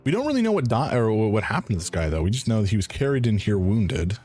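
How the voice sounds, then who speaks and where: A man's voice: lowish voice, sing-song, quick pace, a little mellow, slightly rough, faint music behind. A man streaming a first playthrough of a detective game, thinking aloud in a hesitant way with frequent restarts. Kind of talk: casual live game commentary.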